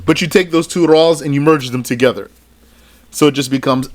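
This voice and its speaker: A man's voice: fairly high pitch, a little fast. A man teaching a religious studies lesson, reading out a list item by item and adding short explanatory asides. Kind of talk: slow recitation lesson.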